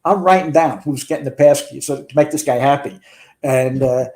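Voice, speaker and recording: Older New man, retired fire chief guest, warm low-key tone, casual storytelling. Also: moderate pace. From New York. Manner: rambling with frequent restarts and swearing.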